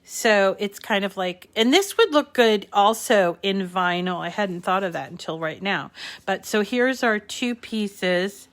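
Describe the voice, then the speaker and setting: A woman's voice: medium pitch, lively intonation, a little slow. A woman hosting a live paper-crafting tutorial, chatting casually with many ums and small restarts as she walks viewers through each step. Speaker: crafting channel host.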